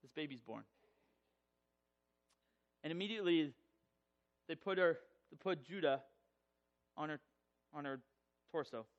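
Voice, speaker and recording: A man's voice: fairly high pitch, unhurried, long pauses, highs cut off. A man telling a personal story to an audience, humorous and self-mocking, acting out the voices. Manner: animated, acts out voices in his telling.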